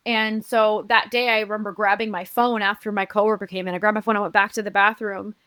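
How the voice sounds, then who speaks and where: Earnest halting woman from Uruguay. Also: medium pitch, little pitch movement, fairly bright tone, smooth, dry recording. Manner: earnest, halting, many restarts. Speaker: podcast guest. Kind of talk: personal storytelling in conversation.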